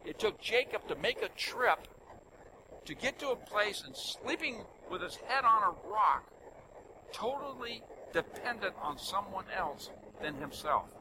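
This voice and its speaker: An older man delivers a sermon in a fairly high voice that rises and falls with lively, animated swings. He tells his stories with loud emphasis that drops into soft asides. The recording carries clear background noise, including a vehicle hum. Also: measured pace. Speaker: preacher.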